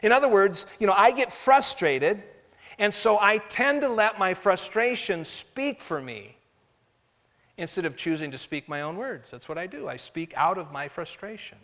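A man delivers a sermon with earnest conviction, his fairly high voice swelling to loud emphasis and then sinking to quiet, drawn-out phrases. A long reverb of a large hall trails behind him. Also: lively intonation. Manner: earnest, rising to loud emphasis and dropping to soft, slow phrases. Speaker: pastor.

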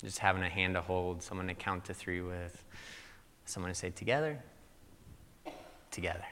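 A man's voice: deep voice, monotone, fairly quick, bright, forceful tone, big-room sound, a little hiss or hum. A young adult man from Missouri giving a sermon in a loose, conversational storytelling way, full of "like" fillers. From Missouri, USA. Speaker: pastor.

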